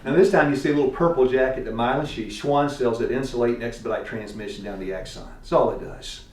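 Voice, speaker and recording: A medium-pitched, slightly mellow man with a Tennessee accent talks fast while teaching a church class, quizzing students in a folksy way and chuckling often. The recording sounds echoey, with the mic placed at a distance.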